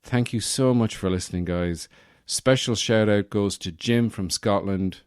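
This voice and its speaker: A man's voice: lowish voice, a little slow, a little mellow, clear, resonant tone, dry recording, studio quality. A young man hosting a casual solo podcast from his apartment, rambling and joking with lots of self-correcting asides. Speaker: podcast host.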